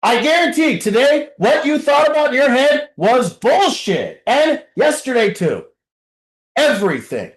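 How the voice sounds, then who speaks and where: A man speaking to a recovery group in an impassioned, confessional way, blunt and profane, dropping low and then shouting. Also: very animated, a little slow. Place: group meeting room. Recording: roomy echo.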